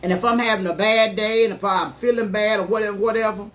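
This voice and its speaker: A woman's voice: mid-range voice, fairly even intonation, fast, a bit bright. A middle-aged woman life coach giving an earnest, emphatic, folksy motivational talk on a live stream.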